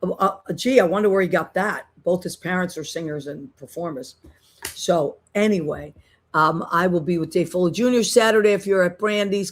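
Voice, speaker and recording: Woman, middle-aged, podcast host, casual rambling chat. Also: fairly low pitch. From Boston, USA. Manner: chatty, rambling with many restarts.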